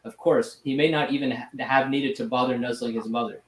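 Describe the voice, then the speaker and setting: A man reading out a scripted rant in a sardonic, deadpan way, with crude asides. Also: medium pitch, fairly quick. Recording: roomy echo, faint noise.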